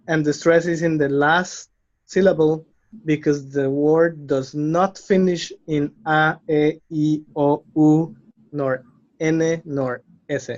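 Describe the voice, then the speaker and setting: Slow, patient male language teacher. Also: fairly high pitch, steady tone. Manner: patient, spells out letters and examples. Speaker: Spanish teacher. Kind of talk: slow explanatory lesson. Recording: slightly dull lo-fi recording.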